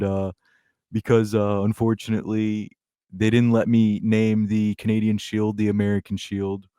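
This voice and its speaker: A man's voice: medium pitch, darkish tone, no echo, studio quality, natural voice. A man doing a rambling, boastful impression of a blustery politician, repeating himself.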